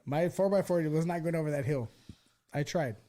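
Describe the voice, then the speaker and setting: A man hosting a podcast, telling a story in a casual, animated and profane way, acting out the people he quotes. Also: a little high, normal speed. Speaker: podcast host.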